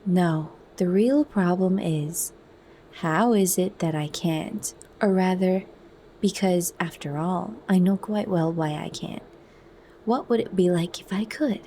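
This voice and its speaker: A woman softly voicing a brooding, bitter young man, whispered role-play. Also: on the low side, slow pace, a little hiss or hum.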